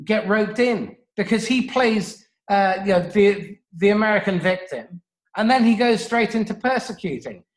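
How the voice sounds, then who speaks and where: A fast-talking coach lays out techniques in an instructive way, often pausing to check "yeah?". The voice sits at a middle pitch. The recording has a roomy, echoing sound. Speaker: sales and communication coach. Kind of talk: explanatory coaching talk on a radio show.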